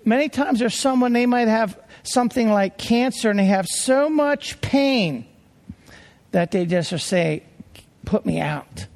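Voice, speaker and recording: High gravelly male preacher in a hall. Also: a little slow, darkish tone. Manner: emphatic, restarts phrases, drops low for grim details. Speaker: pastor. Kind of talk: sermon. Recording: long hall reverb.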